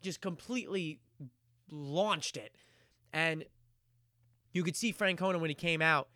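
Bright, clear-voiced male podcast host. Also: on the high side, measured pace, no room sound, studio quality. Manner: loose, rambling talk with frequent fillers and swearing. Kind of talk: casual solo sports and film podcast.

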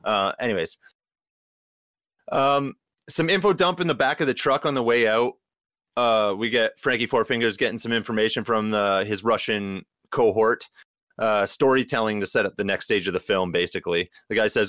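Bright, low-voiced man in casual podcast chat. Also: normal speed, no room sound, clean studio sound. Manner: rambling, frequent fillers. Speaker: podcast co-host.

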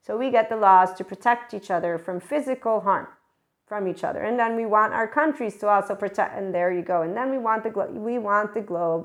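A woman hosting a spiritual talk podcast, speaking in a rambling, candid way, laughing often and swearing freely. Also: mid-range voice. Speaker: podcast host. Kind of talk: casual spiritual monologue.

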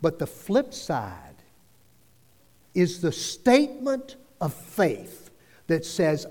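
Lively high-voiced preacher in reverberant church. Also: male voice. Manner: earnest, preacherly rises and drops, slow emphatic phrasing. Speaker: pastor. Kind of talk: sermon. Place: church sanctuary. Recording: long reverb of a church hall.

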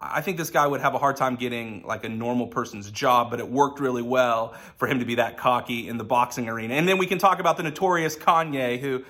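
A man's voice: medium pitch, quick pace, few pauses, pushed and bright. A man giving a conversational sermon as a pastor, telling personal stories. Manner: casual storytelling with personal anecdotes.

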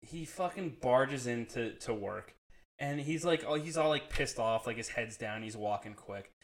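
A man's voice: medium pitch, lively intonation, moderate pace. A man telling a profane, laugh-filled story in a casual chat, acting out the people he quotes. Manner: profane, laughs often, acts out quoted friends.

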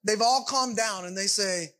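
A pastor delivers a sermon conversationally, often checking in with his congregation. His voice sits high and a bit bright, at a measured pace, though the audio is poor.

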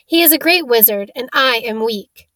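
A woman's voice: on the high side, animated, normal speed, a bit bright, no echo. Quirrell, a woman voicing a cold scheming wizard. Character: cold scheming male wizard teacher, menacing. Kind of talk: audiobook character reading.

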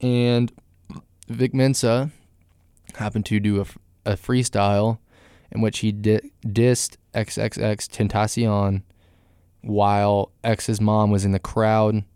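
Male podcast host, low flat delivery, smooth and resonant, rambling casual talk. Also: takes it slowly, dry recording, clean studio sound. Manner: rambling, filler-heavy, candid opinions. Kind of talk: casual solo music news podcast.

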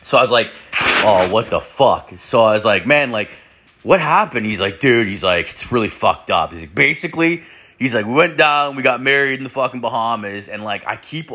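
A man's voice: fairly low pitch, pushed and bright. A young man casually telling a rambling, profane story about a friend, full of fillers and quoted back-and-forth.

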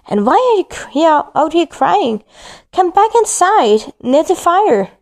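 A woman voicing a puzzled, worried young village man who calls out loudly to someone walking away. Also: very high-pitched, very animated, measured pace, voice pushed up, exaggerated voice. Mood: pleading. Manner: calls out loudly over the wind.

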